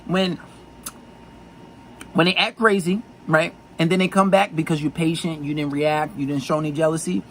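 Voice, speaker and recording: A man's voice: fairly high pitch, steady tone, normal speed, fairly bright tone, a little hiss or hum, low-quality recording. A man giving blunt dating advice in a profane, insistent monologue full of repetition.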